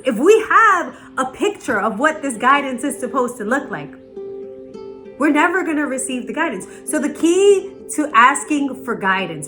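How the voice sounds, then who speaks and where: Bright-voiced woman giving spiritual encouragement. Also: high voice. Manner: animated storytelling, often asks "right?". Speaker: host. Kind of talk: motivational spiritual talk.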